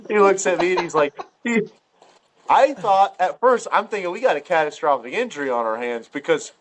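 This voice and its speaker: A man with a somewhat higher voice spins a long, rambling hunting yarn in casual chat. He is loose and profane, and he jumps his pitch up whenever he acts out what someone said. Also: sing-song, a little slow, long pauses, a crowd in the background. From Ohio. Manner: rambling, profane storyteller full of filler words. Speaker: podcast guest storyteller.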